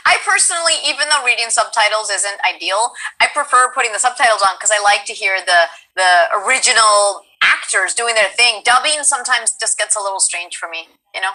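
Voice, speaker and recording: A woman's voice: mid-range voice, animated, brisk, hardly any pauses, pushed and bright, low-quality recording. A woman voice actress in casual chat, easygoing and thoughtful.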